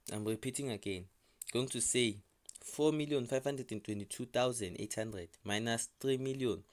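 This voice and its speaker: A man with a mid-range voice teaches accounting in a screen-recorded voice-over, explaining a question paper step by step. He is repetitive, restating each figure slowly.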